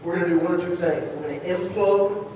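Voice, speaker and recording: A man's voice: high voice, steady tone, fast, darkish tone, slight background noise. A man preaching a sermon in church, talking conversationally, restarting phrases and asking the congregation questions. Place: church sanctuary. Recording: echoey hall, distant mic.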